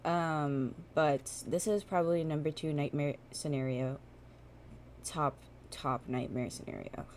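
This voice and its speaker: A woman streamer in casual reaction chat, telling a story with animated, profane energy. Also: deep voice, unhurried, a little hiss or hum.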